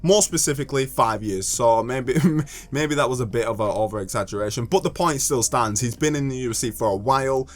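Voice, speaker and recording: A young man with a British accent talks through his picks in a casual video, at a mid pitch that sits in the usual range for a man. He jokes and rants by turns, pushes his voice up when he gets worked up, and trips over names as he goes. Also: brisk, few pauses. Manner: jokey and animated, ranting, stumbles over names. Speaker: gaming video creator.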